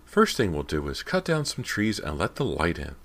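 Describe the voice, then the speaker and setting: A man's voice: low-pitched, wildly swooping pitch, normal speed, a bit bright, exaggerated voice. A man voicing a practical mother in an audiobook, speaking in a soothing but firm way. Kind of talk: audiobook character voice.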